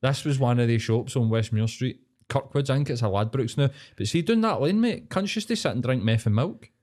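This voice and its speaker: A man's voice: medium pitch, expressive, fairly quick, darkish tone. Sweary Glaswegian man chatting. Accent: Glaswegian Scottish. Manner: sweary, laughing, broad slang. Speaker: podcast co-host. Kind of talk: casual chat.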